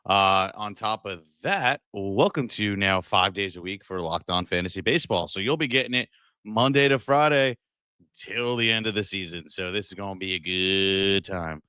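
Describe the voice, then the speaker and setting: Laid-back guy cohosting a podcast, lowish smooth voice, dry close sound. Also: moderate pace, sharp tone, dry recording. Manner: loose, joking, many fillers. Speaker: podcast co-host. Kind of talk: casual podcast chat.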